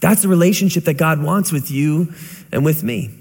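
A man's voice: a little high, normal speed, gravelly, a little mellow, slightly rough. A man in his thirties preaching a conversational sermon, full of rhetorical questions. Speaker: pastor. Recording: long reverb of a large hall.

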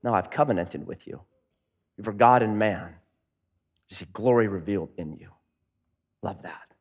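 A middle-aged man preaching a sermon as pastor, animated and joking, mimicking people in a high voice now and then. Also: moderate pace, slightly rough.

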